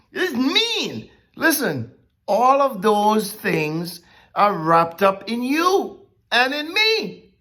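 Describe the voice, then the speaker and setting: Bible teacher, conversational sermon, unhurried delivery, checks in with listeners. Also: medium pitch, creaky. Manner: animated, keeps checking in with "okay?" and "right?".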